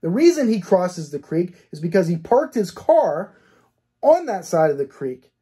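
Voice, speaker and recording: A cold case detective walks through a case step by step, checking in with "okay?" and asking himself rhetorical questions. His high-pitched voice swings widely in pitch, warm with a breathy edge, and his pace is a little slow in this case analysis commentary.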